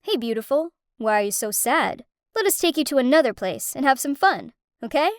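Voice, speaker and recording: A woman's voice: sits high, very animated, a little fast, dry recording, clean studio sound. A woman doing a sneering young street thug. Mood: taunting. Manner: taunting, smirking.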